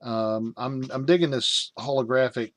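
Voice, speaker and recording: Middle-aged American man, casual reviewer, rambly and self-amused, dry close sound, average pitch. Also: steady tone, measured pace, a bit bright, dry recording. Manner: rambling, with frequent fillers and self-amused asides. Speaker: game reviewer.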